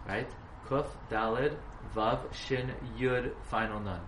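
A man's voice: mid-range voice, steady tone, slow, a bit bright. A man giving a halacha class, questioning his students and spelling words out letter by letter. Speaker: Torah teacher. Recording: echoey room, faint hiss.

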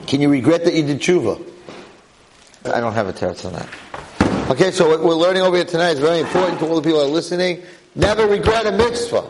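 A man teaching a lively Torah class to a live audience as a rabbi, telling the story with energy and firing off rhetorical questions. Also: fairly high pitch, fast, pauses often, noisy background.

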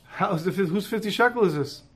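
A man telling a moral story in an animated way, dropping in Hebrew and Yiddish terms. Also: high-pitched, fast talker, slightly rough.

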